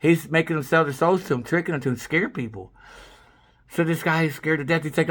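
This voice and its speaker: Excitable man rambling with a bright voice. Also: on the high side, fairly quick. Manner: rambling, with restarts and bursts of laughter; swears freely and speaks casually. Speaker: vlogger. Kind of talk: rambling spoken monologue.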